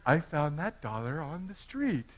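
A man's voice: a little high, big pitch swings, unhurried, pitched above the performer's own voice, rough recording. A man doing a fibbing little boy. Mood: pleading. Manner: pleading, insistent denials. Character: fibbing seven-year-old boy caught out.

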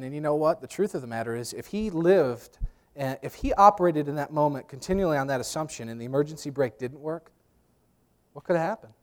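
Animated preacher, higher-pitched man. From New York. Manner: animated storyteller, acts out voices loudly; repeats words and restarts often. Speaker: pastor. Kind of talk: sermon with personal stories. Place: church sanctuary.

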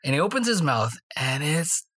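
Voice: medium pitch, very animated, moderate pace, a bit bright. A podcast co-host telling stories in a casual faith discussion, rambling along and tagging sentences with "right?". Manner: rambling storyteller, tags lines with "right?".

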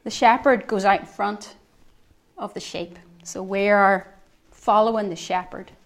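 A woman giving a devotional sermon, earnest, swinging between soft reflective lines and emphatic ones. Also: medium pitch, steady tone, a little slow. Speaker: preacher.

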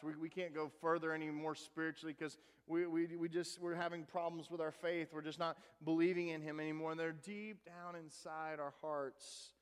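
Male pastor with a high voice: casual, folksy sermon, loud then hushed, echoing sanctuary. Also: clear, resonant tone. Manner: conversational, with folksy asides and repeated words; swings between emphatic and hushed. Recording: long hall reverb.

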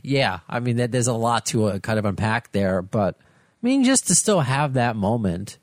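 A man's voice: medium pitch, sing-song, moderate pace, no room sound. A man hosting an interview, asking rambling questions with many restarts. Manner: rambling, repeats words when asking questions. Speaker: interviewer host. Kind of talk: casual interview.

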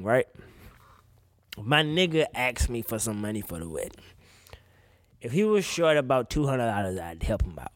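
A man's voice: fairly high pitch, dry recording, clean studio sound. A man ranting casually on a podcast, incredulous and swearing often, a bit tipsy. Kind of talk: casual opinion rant.

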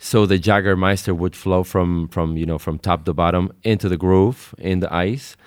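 A man, speaking in a very low, smooth voice as he co-hosts a radio chat. He wanders through stories with plenty of "like" and "um" and laughs along the way. The studio sound is close and dry. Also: steady tone, moderate pace, no echo. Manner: rambling storyteller with many fillers, laughing often. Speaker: radio show co-host. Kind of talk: casual chat.

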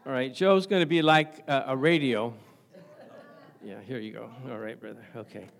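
A man's voice: medium pitch, fairly even intonation, normal speed, creaky. A middle-aged male pastor preaching a sermon, stressing points by repeating phrases and chuckling at his own stories.

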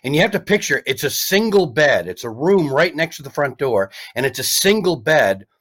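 A man's voice: on the high side, normal speed. Man telling a rambling comic story. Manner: rambling, animated, with restarts. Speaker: comedian guest. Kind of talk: casual storytelling chat.

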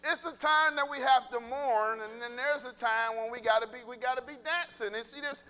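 A male pastor giving a lively, humorous sermon, talking conversationally with the congregation and laughing at his own jokes. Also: very high voice, a little fast, clear, resonant tone. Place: church sanctuary. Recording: long reverb of a church hall.

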